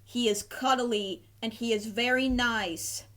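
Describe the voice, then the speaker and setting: Little storybook monster, plaintive and high, slow, read by a woman. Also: fairly even intonation, a bit bright. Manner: plaintive, then wailing. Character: sad little monster seeking his lost doll.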